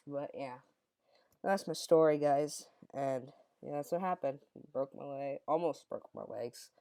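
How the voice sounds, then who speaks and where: A man's voice: medium pitch, measured pace, vocal fry, darkish tone, clear, resonant tone. A young man telling a childhood story in a casual, rambling way, often correcting himself mid-sentence. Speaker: storyteller vlogger.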